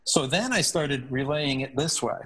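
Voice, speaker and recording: A man serving as a hockey chaplain tells stories in a podcast interview, speaking in a husky voice at an ordinary middle pitch. He talks earnestly and with animation, often stopping to restart his sentences. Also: expressive, moderate pace, a bit bright.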